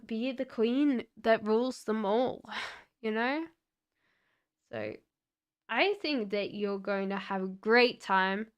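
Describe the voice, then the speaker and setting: A young Australian woman, her accent softened by years in Britain, chatting upbeat with viewers as she gives live tarot readings. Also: a little high, clean tone. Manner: chatty and upbeat, laughs often, talks straight to viewers by name. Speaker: tarot reader.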